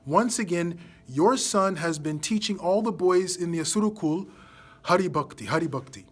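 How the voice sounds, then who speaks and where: A man's voice: high-pitched, normal speed. A man voicing two frightened male teachers who speak nervously and pleadingly. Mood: anxious.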